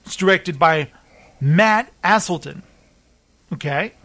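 A man's voice: sits high, takes it slowly, bright, forceful tone. A man hosting a casual chat who jokes around, reads film blurbs and stumbles over names. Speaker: host.

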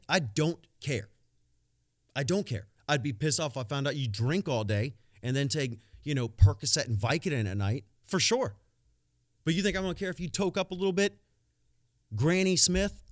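A man's voice: mid-range voice, no room sound, clean studio sound. A man hosting a solo podcast, talking bluntly and profanely in a rambling, off-the-cuff way. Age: adult, has a young daughter. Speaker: podcast host. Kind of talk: casual solo podcast monologue.

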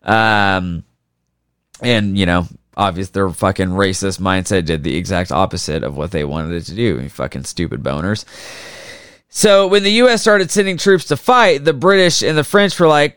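A man's voice: mid-range voice, unhurried, clear, resonant tone, no room sound, clean studio sound. A man co-hosting a casual history podcast, profane and jokey, slipping into mocking voices as he tells the story. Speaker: podcast co-host.

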